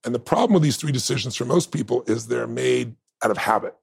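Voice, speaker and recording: A middle-aged man, a podcast guest, telling stories in an animated, emphatic way. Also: medium pitch, fast, creaky, slightly rough, no echo. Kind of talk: storytelling interview talk.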